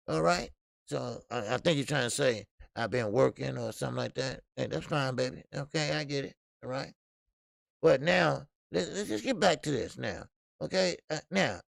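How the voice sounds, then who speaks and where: A man's voice: fairly high pitch, vocal fry, no room sound, clean studio sound. A man hosting a casual boxing live stream, blunt and profane, laughing often and greeting chat viewers. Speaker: boxing show host.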